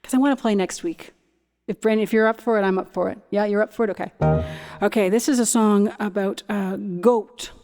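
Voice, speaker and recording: Speaking a little fast in a steady, mid-range, slightly mellow voice, a cabaret host and singer in her thirties or forties chats loosely between songs on her livestream, rambling and starting sentences over. She comes from Ontario, Canada, and the audio carries long hall reverb with faint music.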